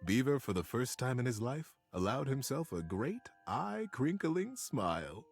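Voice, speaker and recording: A man narrating a storybook with an expressive, theatrical delivery. His voice is husky and breathy, and his pitch rises and falls widely through each sentence. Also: unhurried, hardly any pauses, soft background music.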